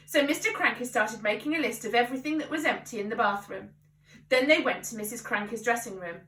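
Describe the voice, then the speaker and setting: Woman storyteller, lively children's read-aloud, bright tone, echoey room at a distance. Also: on the high side, a little fast. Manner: animated, inviting listeners to join in. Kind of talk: reading a children's book aloud.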